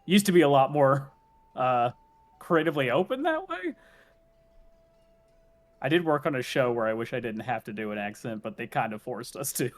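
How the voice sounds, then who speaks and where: Chuckling voice actor, easygoing chat. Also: male voice, mid-range voice, big pitch swings, moderate pace, pauses often. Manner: laughs through his stories, chuckling. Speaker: voice actor guest. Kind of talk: casual chat on a game stream.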